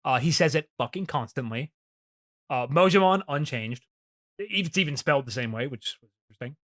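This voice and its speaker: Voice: medium pitch, animated, a little fast, fairly bright tone. A young adult co-host talking casually and rambling about an anime episode, with many fillers and restarts. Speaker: podcast co-host.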